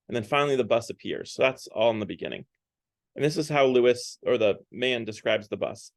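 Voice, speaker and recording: A man's voice: medium pitch, animated, normal speed, creaky, dry recording, studio quality. Casual man giving a Lent talk. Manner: conversational, loose, with many fillers and hedging words. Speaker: parish speaker.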